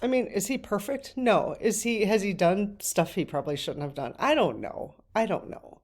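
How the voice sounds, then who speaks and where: A woman's voice: medium pitch, lively intonation, normal speed, darkish tone. A middle-aged woman talking casually to camera in a personal vlog, often emotional and close to tears. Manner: tearful, breaks off to cry. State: crying at times. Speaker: channel host.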